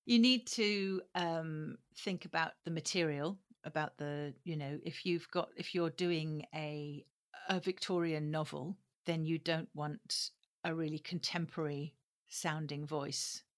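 A woman's voice: sits low, fairly even intonation, unhurried. A woman who produces audiobooks, answering interview questions thoughtfully, with frequent ums and restarts as she searches for words.

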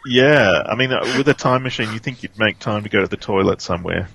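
Gravelly low Australian man, halting chat. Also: background noise. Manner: relaxed, halting, repeats words. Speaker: podcast co-host. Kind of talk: casual chat.

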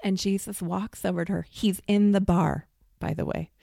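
Gravelly-voiced enthusiastic woman host. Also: mid-range voice, steady tone, moderate pace, warm tone, dry recording, clean studio sound. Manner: enthusiastic, emotional, storytelling. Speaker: podcast host. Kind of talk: casual podcast conversation.

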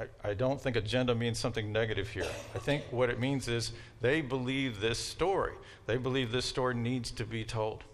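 A university lecturer with a Southern American accent talks his class through the material in a loose, conversational way. He often stops to check that his students are following. His voice sits at an ordinary middle pitch for a man. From Southern United States.

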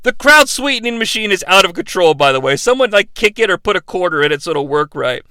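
A man's voice: high-pitched, very animated, quick pace, sharp tone, a little hiss or hum. A man hosting a casual, comedic recap, full of sarcastic asides and swearing. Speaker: podcast host recapping a wrestling show.

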